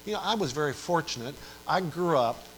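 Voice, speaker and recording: Older pastor preaching with emphatic repetition. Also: male voice, a little high, animated, fairly quick, fairly bright tone, slight background noise, poor audio. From Western New York. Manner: earnest storytelling with emphatic repetition. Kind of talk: sermon.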